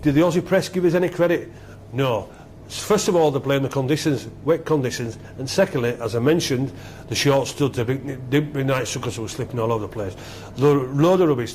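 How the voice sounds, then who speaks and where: Excitable man telling stories. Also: medium pitch, slight background noise. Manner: excitable, rambling, repeats himself. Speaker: former rugby league captain, guest. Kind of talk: animated storytelling interview.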